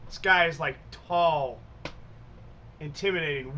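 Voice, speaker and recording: A man's voice: on the high side, fairly even intonation, fairly quick, sharp tone. A man narrating as storyteller of a tabletop role-playing game, talking in a loose, conversational way. The audio is muffled and lo-fi, with faint hiss.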